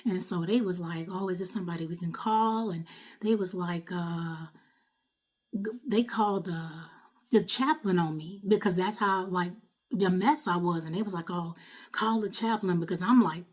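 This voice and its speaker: A woman's voice: fairly low pitch, steady tone, normal speed, a little mellow. A middle-aged woman, a mother, recounting a hard ordeal in casual, emotional storytelling. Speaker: vlogger, mother. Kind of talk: personal storytelling to camera.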